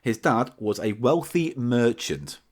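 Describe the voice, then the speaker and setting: A man's voice: mid-range voice, takes it slowly. A man co-hosting a comic podcast, reading facts from a book and teasing his partner with dry asides. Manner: reads aloud from a book, teasing and deadpan asides. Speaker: podcast co-host reading a story.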